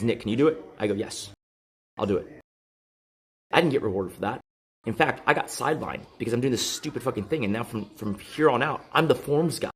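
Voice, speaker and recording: Rambling, profane man with a husky voice. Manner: rambling, profane, full of fillers and restarts; gets heated and high-pitched when exasperated. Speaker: podcast host. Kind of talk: casual storytelling.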